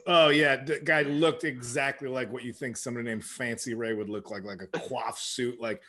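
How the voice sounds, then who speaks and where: A man's voice: mid-range voice, fairly even intonation, normal speed, bright, forceful tone. A man co-hosting a comedy podcast, telling a loose, casual story about comedy open mics. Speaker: podcast co-host. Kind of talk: podcast chat.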